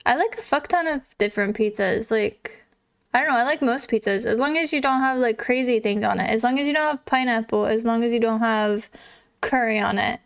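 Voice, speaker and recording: A woman's voice: a little high, brisk, vocal fry. A young adult woman livestreamer chatting casually with viewers, swearing freely and laughing often. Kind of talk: casual chat reading viewer messages.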